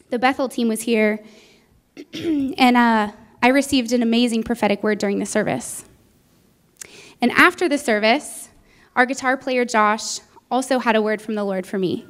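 A woman's voice: fairly high pitch, measured pace, pauses often. A woman preaching a Sunday sermon in a church, telling a personal story earnestly and acting out what was said. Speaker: guest preacher. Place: church sanctuary.

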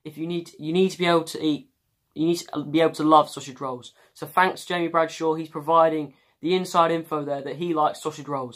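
A man's voice: on the high side, a bit bright. A man hosting a casual vlog, rambling with lots of fillers. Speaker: YouTuber host.

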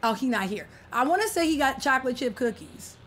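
Woman game streamer, high-pitched and playful, trash-talking teammates and chatting with viewers. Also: expressive, a little fast, a bit bright, slight background noise. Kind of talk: casual livestream gaming chat.

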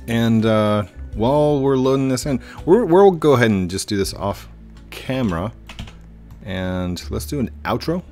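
A man's voice: mid-range voice, expressive, a little slow, a little mellow, faint music behind. A man hosting a game channel, chatting casually over gameplay and laughing often between self-deprecating asides.

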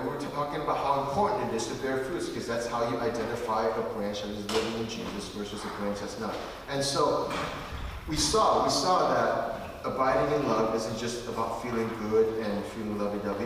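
A man preaches in a big hall, his voice ringing with long reverb and heard from a distance. He reads scripture slowly, then talks it over with his listeners in a conversational way. A faint hiss sits under the recording. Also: medium pitch, fairly bright tone. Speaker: pastor. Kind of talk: sermon.

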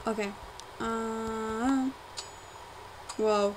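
A young woman rambling through casual gameplay commentary, full of fillers and quick to get frustrated, recorded at home on a desktop mic. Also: on the high side, steady tone, noisy background. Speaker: game let's player. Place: home room, car audible outside.

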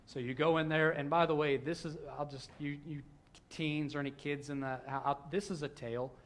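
A male pastor, preaching a sermon in a church with a conversational manner that swings between hushed and loud. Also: fairly high pitch, steady tone, moderate pace. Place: church sanctuary.

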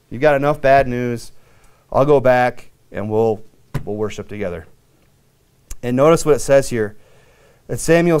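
Male pastor preaching an animated sermon with acted-out quotes. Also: medium pitch, fairly quick, clear, resonant tone.

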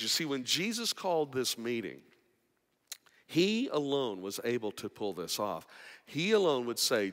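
A man pastor preaching a sermon, moving between quiet, intimate passages and raised, urgent appeals. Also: mid-range voice, very animated, a little slow. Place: church sanctuary. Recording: long reverb of a large hall.

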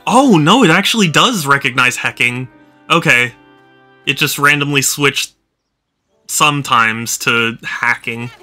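A man chats loosely over a game stream, tired and yawning, his words full of fillers and restarts. His voice is very bright and sharp-edged. Faint game music plays behind him. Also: mid-range voice, unhurried. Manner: rambling, many fillers and restarts. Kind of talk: casual live-stream commentary.

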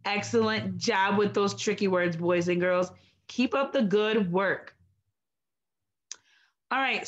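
A woman teaching a recorded phonics lesson to young children, slow, clear and encouraging. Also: mid-range voice.

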